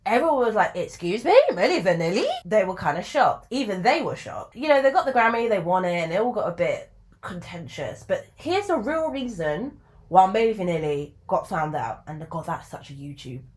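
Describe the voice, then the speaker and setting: A woman telling a story to camera in a casual, chatty way, full of fillers and asides, her pitch jumping up for emphasis. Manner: chatty and animated, with sudden jumps in pitch for emphasis. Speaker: video creator.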